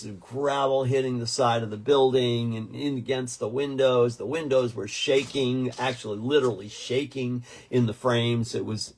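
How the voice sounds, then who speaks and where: A man in his sixties, a podcast co-host telling a story in casual chat, rambling and animated with many restarts. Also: mid-range voice. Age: 60s.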